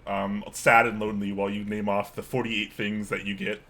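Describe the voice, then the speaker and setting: A man co-hosting a casual livestream chat, relaxed and quick to laugh. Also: fairly low pitch. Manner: relaxed, chatty, laughs easily. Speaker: co-host.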